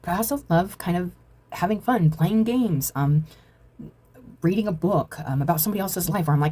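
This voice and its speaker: A woman talks through a spiritual reading in a loose, wandering way, circling back to her points. Her voice sits low and soft-edged, with a breathy huskiness. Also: lively intonation, fast. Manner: meandering, reflective, with many fillers. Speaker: spiritual reader. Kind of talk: casual spiritual talk.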